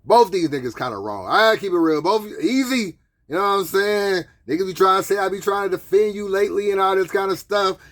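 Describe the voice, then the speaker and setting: Laid-back guy reacting live, kinda high voice, jokey and chill. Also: quick pace, a bit bright. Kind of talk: casual reaction commentary.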